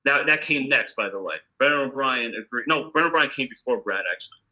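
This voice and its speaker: A man's voice: medium pitch, expressive, fast talker, pushed and bright, low-quality recording. A man with a New York accent, a rock guitarist telling a studio story in a casual interview, emphatic and profane, acting out the exchanges he quotes. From United States. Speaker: guitarist guest.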